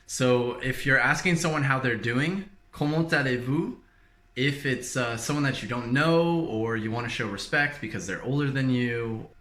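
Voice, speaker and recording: Bright-voiced man teaching French phrases. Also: mid-range voice, echoey room. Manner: relaxed, repeats phrases slowly for learners. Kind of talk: casual video lesson.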